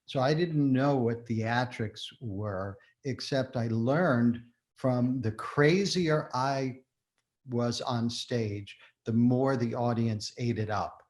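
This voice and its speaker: An older man, a guest in a casual interview, telling stories in an animated way with frequent laughter. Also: mid-range voice, takes it slowly. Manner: animated storyteller, laughs often. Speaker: guest, shoemaker and former performer.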